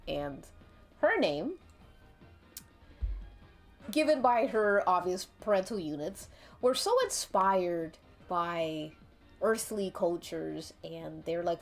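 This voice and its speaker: A woman chatting on a live drawing stream, rambling and giggling as she invents characters. Her pitch leaps around in a lively, expressive way, and she drops casual swears. Soft music plays quietly behind her. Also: takes it slowly, gravelly, pauses often. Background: faint background music.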